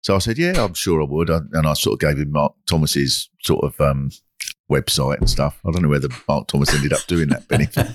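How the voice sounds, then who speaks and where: A man's voice: rumbling low, fairly quick. A man hosting a comedy talk show, telling wry, dryly funny anecdotes in casual chat. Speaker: comedy podcast host.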